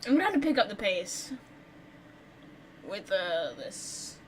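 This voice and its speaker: A woman's voice: medium pitch, big pitch swings, measured pace, slight background noise, rough recording. A woman giving casual, playful commentary while playing a game, chatty and full of fillers. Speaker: game streamer.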